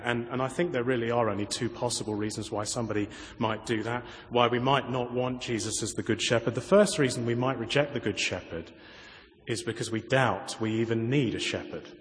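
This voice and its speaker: A man preaches a sermon in a church hall whose long reverb trails after each phrase. His voice sits in a middle register. He swings from emphatic, lifted declarations down to hushed, personal asides, often posing rhetorical questions to the congregation. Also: medium pitch. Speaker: pastor.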